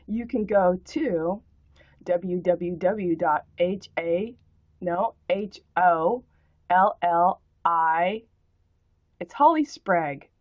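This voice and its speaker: Slow-talking woman in a ranting monologue. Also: lowish voice, darkish tone, dry recording, lo-fi sound. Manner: spells out words and rhymes in playful wordplay, with profanity. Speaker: vlogger answering a commenter.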